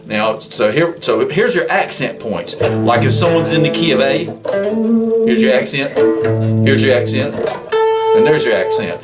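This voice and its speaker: A man's voice: mid-range voice, lively intonation, unhurried. A man teaching guitar in a casual, rambling, folksy way, counting frets and often restarting his sentences. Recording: guitar loud behind voice. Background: guitar playing.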